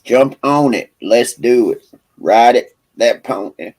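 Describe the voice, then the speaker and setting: A man's voice: medium pitch, takes it slowly, darkish tone, husky, poor audio. A man co-hosting a live stream, joking and teasing in casual chat. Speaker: stream co-host.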